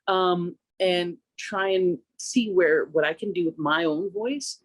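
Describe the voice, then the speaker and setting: A woman singer from Canada talking through her craft in a relaxed radio interview, reflective and conversational, lifting her pitch when she quotes herself. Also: slow, no room sound. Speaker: singer and vocal coach, interview guest.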